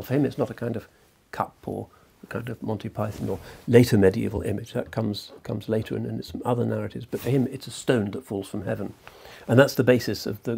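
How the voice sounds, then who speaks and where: A man lecturing in a measured, meandering way, often pausing on ums and restarting his phrases. His voice is dark and mellow, with a gravelly, husky edge. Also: medium pitch.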